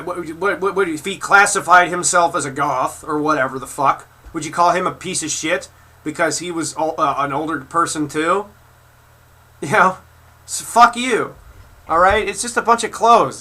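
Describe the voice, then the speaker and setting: A man's voice: a little high, a little fast, pushed and bright. A man in his twenties ranting angrily to camera at his critics, swearing hard and stumbling over repeated words. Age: 20s. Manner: furious, swearing, stammering repeats. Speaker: video creator answering critics. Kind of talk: angry profane rant to camera.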